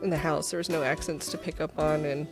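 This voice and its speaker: A woman's voice: low-pitched, steady tone, brisk, music in the background. A woman from South Dakota raised in the American South, co-hosting a podcast in a chatty, playful way and laughing often. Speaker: podcast co-host. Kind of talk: casual chat.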